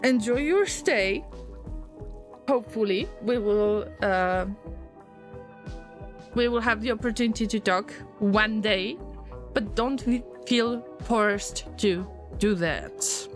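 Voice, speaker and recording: A woman streaming a game, chatting casually with viewers, easily distracted and prone to sudden excited alarm. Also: medium pitch, slow pace, pauses often, soft background music. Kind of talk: casual live-stream gameplay commentary.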